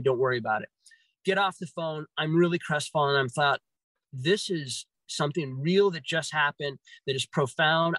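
Animated man swearing through his story. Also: on the high side, no echo, low-quality recording. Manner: animated, swears often, acts out his own reactions. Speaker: guest telling a personal story. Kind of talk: casual storytelling.

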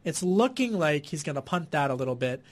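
A man with a Philadelphia accent hosting a political radio talk show, energetic with quick jokey asides. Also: fairly high pitch. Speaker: radio host.

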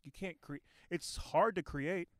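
A man's voice: high voice, unhurried, no room sound. A man hosting a casual comedy podcast from home, rambling and joking on a new microphone. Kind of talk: casual chat.

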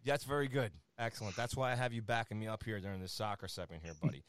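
A man hosting a casual soccer scores segment, energetic and playful, with lots of fillers, teasing his co-host. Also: fairly low pitch, fast, crowd noise. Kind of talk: casual sports rundown on a talk show.

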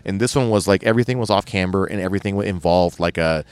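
A man's voice: low-pitched, fast talker, clear, resonant tone. A man casually telling a long off-road trip story, rambling with lots of restarts and fillers.

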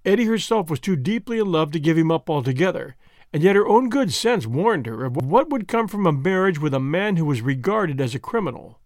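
Lively, expressive male storyteller. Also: a little high, brisk, no echo, clean studio sound. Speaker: audiobook narrator. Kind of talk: scripted narration.

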